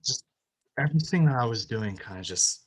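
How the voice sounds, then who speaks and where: A man's voice: mid-range voice, lively intonation, fairly quick, breathy edge, poor audio. Young man telling an emotional faith testimony. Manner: emotional storytelling, rising and louder at the climax, many restarts. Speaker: speaker sharing a personal faith testimony. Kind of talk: personal testimony talk.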